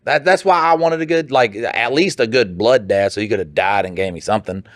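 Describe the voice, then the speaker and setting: A man co-hosting a podcast, reading listener posts aloud and riffing on them with profane, animated jokes. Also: fairly quick, no echo, clean studio sound. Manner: animated, joking, breaks into laughter, jumps up in pitch for mock voices. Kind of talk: casual profane banter.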